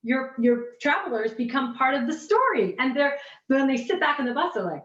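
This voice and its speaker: A woman coaching on pitching during a video call workshop, animated and gushing, often restarting her sentences. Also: brisk. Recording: dull, roomy, distant video call audio.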